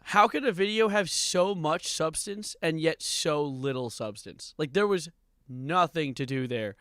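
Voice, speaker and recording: A man's voice: on the high side, a little slow, fairly bright tone, clean tone, dry recording, clean studio sound. A man livestreaming, casually reacting to clips with wry asides and laughter. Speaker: streamer.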